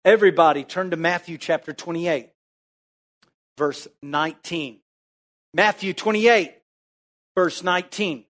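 A man with a high voice preaches to his congregation. He drives each point home with repeated rhetorical questions, and his pitch climbs on the big lines. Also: measured pace, pauses often, fairly bright tone. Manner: emphatic, rhetorical questions, calls for amen. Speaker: pastor. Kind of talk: sermon.

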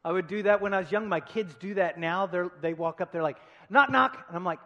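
A man preaching a sermon as pastor, swinging between loud emphasis and quiet asides, with humorous storytelling. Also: sits high, steady tone, fast talker, dull audio. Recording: long reverb of a large hall.

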